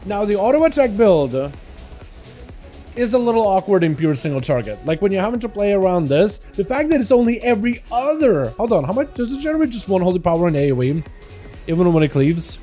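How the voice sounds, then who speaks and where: Over soft background music, a man livestreams his gameplay and greets his viewers by name in a relaxed running commentary. He speaks fairly quickly in a high, sing-song voice with a dark tone.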